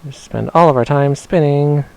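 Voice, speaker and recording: A man's voice: a little high, moderate pace, vocal fry, darkish tone, clean tone, no echo. Chatty man streaming a retro game. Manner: chatty, self-mocking, talks to the game characters. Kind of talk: casual let's-play commentary.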